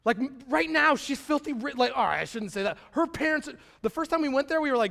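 A man's voice: extremely high pitch, lively intonation, fairly quick, creaky, fairly bright tone. A man, preaching a sermon as a pastor and telling a personal story in a casual, slangy way, acting out quotes with big swings in volume.

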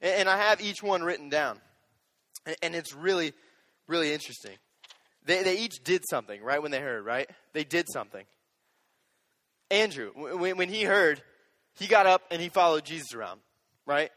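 A young man preaching a sermon as a youth pastor, animated and joking, speaking straight to the audience. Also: a little high, normal speed, pauses often, in a large hall.

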